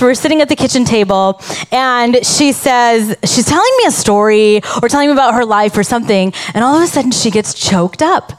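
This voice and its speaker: A woman pastor preaching a sermon in a church, talking conversationally and drawing the congregation into call-and-response. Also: fairly high pitch. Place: church sanctuary.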